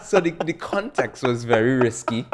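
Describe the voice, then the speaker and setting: A man's voice: mid-range voice, animated, moderate pace. A young man, telling stories in a laid-back way as a music producer on a podcast, laughing often. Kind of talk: casual interview chat.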